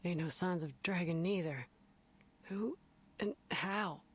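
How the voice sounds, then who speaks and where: A woman voicing a blunt game companion in a slow, deep put-on drawl. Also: husky. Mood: gruff.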